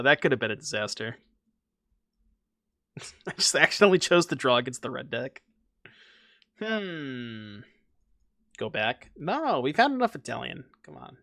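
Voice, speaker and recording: Lively, chatty male game streamer. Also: medium pitch, creaky, no echo, clean studio sound. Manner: chatty, self-mocking, talks to chat. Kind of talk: casual gameplay commentary.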